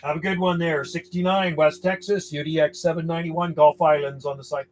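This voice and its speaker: A man at a home radio station on an island calls out call signs and answers faraway contacts. He speaks in clipped, repeated bursts with easy, friendly sign-offs. His voice sits slightly high, and a loud wash of radio static runs underneath it. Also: fairly even intonation, fairly quick. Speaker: CB radio operator.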